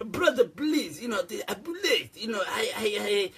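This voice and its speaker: A man's voice: sits high, expressive, vocal fry, fairly bright tone, heavily acted. Man doing a stammering Arabic-pronunciation show-off. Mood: mocking. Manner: halting, stammering, pleading filler-laden speech. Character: hesitant man hamming up exaggerated Arabic pronunciation.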